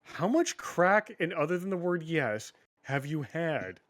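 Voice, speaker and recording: A man's voice: a little high, very animated, measured pace, a bit bright. A man co-hosting a casual gaming news podcast, ranting with lots of swearing and frequent laughs. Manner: profane, ranting, laughs often. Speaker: podcast co-host.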